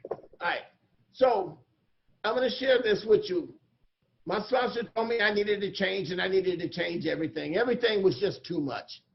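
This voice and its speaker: High-voiced folksy man telling stories. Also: lo-fi sound. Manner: folksy, joking, earnest. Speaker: guest speaker at a recovery meeting. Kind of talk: storytelling talk.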